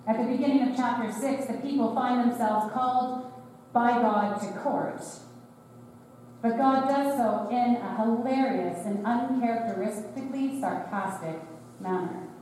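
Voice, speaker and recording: Female preacher, wry conversational sermon, higher voice, distant mic, long church reverb. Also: a little slow, a little mellow, a little hiss or hum. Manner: wry, conversational delivery with sarcastic voiced asides. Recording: echoey sanctuary, voice from far off.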